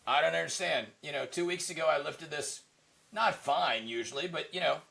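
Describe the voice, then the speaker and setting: Podcast co-host, male, fairly high gravelly voice, bright and forceful, rambling casual delivery. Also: normal speed. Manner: rambling, lots of "you know, right?" fillers. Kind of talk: casual chat.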